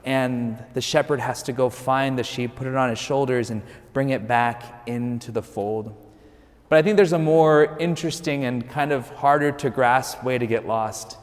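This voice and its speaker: Male priest, mid-range voice, casual storyteller with dry humor, booming church reverb. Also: moderate pace. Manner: conversational, lightly joking storytelling. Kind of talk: sermon.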